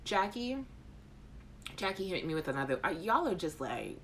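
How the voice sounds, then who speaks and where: A woman hosts a live chat stream and reacts to viewer comments with a playful, frank manner. Her voice sits fairly low, and her pitch swings widely as she talks. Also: normal speed, slight background noise. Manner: animated, playful and frank, with laughter. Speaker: host of a live chat show.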